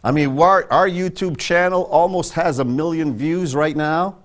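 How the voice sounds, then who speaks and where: A man preaching a sermon from a church pulpit, emphatic and conversational. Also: moderate pace. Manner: emphatic, conversational preaching with sudden pitch jumps. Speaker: pastor. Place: church sanctuary.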